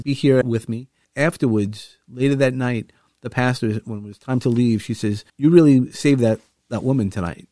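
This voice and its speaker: A man's voice: medium pitch, darkish tone, no echo, studio quality. A middle-aged man telling a personal story in an earnest, heartfelt way, rambling a little with restarts. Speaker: vlogger sharing a personal story.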